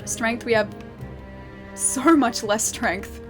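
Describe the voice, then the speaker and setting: A woman's voice: on the high side, takes it slowly, over music. Giggly Australian woman streaming a game. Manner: chatty and giggly, reads chat aloud. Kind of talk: live game stream chat.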